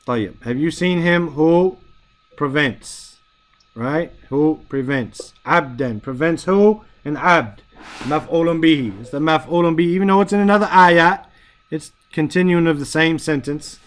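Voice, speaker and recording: Male teacher, somewhat higher voice, patient explainer, keeps checking the class follows. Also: a little slow. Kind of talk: Arabic grammar lesson.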